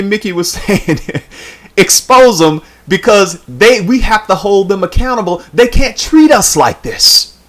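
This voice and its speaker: Woman, online commentator, preachy sermon cadence, repeats herself for emphasis, casual and colloquial. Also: low-pitched. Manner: casual, colloquial address to viewers. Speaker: YouTube commentator.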